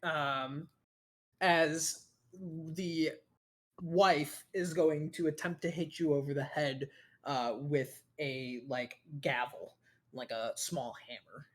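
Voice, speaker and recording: Slow, profane young game master. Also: male voice, on the high side, steady tone, fairly bright tone. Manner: casual, profane, rambling narration. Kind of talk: narrating a tabletop game.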